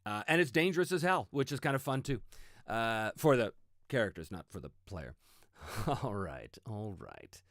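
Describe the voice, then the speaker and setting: Animated middle-aged man, very lively pitch. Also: normal speed, dry recording, studio quality. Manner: animated, chatty, many fillers. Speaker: host. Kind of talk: casual livestream Q&A.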